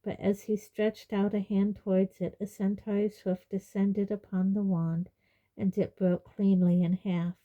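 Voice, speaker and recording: A woman reading a fantasy novel aloud in a measured audiobook narration. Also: medium pitch, little pitch movement, lo-fi sound. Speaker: reader.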